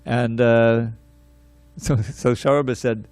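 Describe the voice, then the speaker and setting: A man teaching a scripture class tells a story with animation, repeating words and starting sentences over. His medium-pitched voice moves slowly, with no echo.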